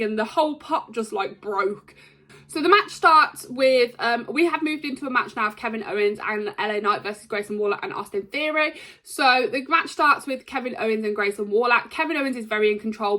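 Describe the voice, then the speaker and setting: A woman giving a casual, rambling recap of a wrestling show, excitable and full of ums and likes. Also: fairly high pitch.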